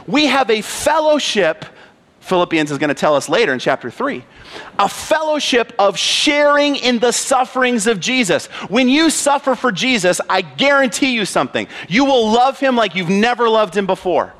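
A man's voice: sits high, big pitch swings, moderate pace, fairly bright tone, big-room sound. A man pastor preaching a sermon in an earnest way, pressing with rhetorical questions. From United States.

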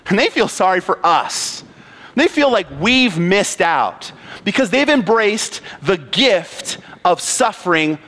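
A man's voice: high voice, fairly bright tone, long reverb tail. A man pastor preaching a sermon in an earnest way, pressing with rhetorical questions. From United States.

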